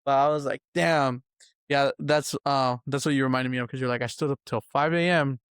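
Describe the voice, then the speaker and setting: A man's voice: mid-range voice, fairly even intonation, fairly quick, fairly bright tone, clear, resonant tone, dry recording, studio quality. A young man co-hosting a podcast, telling childhood stories in casual chat, laughing often and swearing freely. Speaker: podcast co-host.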